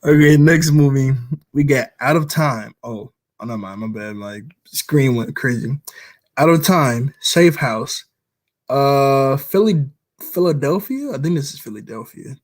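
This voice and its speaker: A man's voice: mid-range voice, lively intonation, measured pace. A man chatting casually about movies he likes, rambling along, often chuckling as he retells scenes. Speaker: vlogger.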